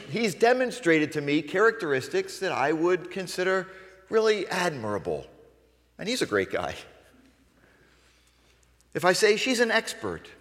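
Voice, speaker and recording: A man preaching a sermon as pastor, acting out questions with shifting inflection and many fillers. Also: a little high. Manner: lively, acts out questions with varied inflection. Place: church sanctuary. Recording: long church reverb.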